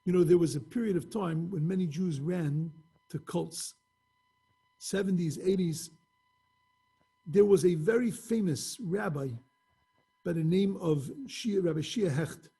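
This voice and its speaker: A man's voice: high-pitched, gravelly, warm tone, slightly rough. A man teaching an informal Torah class over a video call, telling stories with acted-out dialogue in a conversational way.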